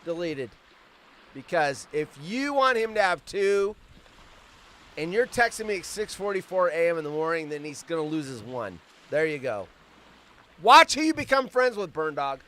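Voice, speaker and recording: A man's voice: a little high, big pitch swings, a bit bright. A man in his fifties hosting a casual live stream from outdoors on vacation, rambling off on tangents and swearing freely. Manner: profane, rambling, quick tangents. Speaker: host.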